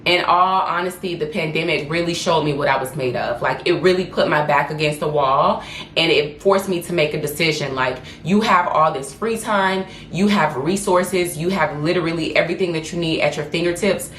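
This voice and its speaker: A woman's voice: sits low, moderate pace, fairly bright tone, a little hiss or hum. A woman, telling a candid and emotional personal story in a vlog and often restarting her sentences. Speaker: lifestyle blogger and influencer. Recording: echoey room with faint ambience.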